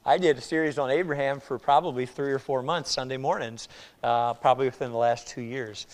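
A man preaching a sermon as a pastor, conversational, often checking in with "all right?" and moving between loud emphasis and quiet asides. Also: medium pitch, a little fast. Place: church.

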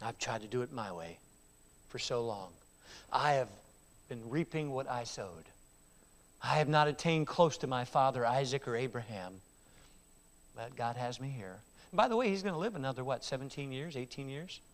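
A man preaching a sermon, retelling a scripture story with dramatic swings between loud, raised delivery and hushed, quiet lines. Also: mid-range voice, lively intonation, normal speed, pauses often. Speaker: pastor. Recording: reverberant hall.

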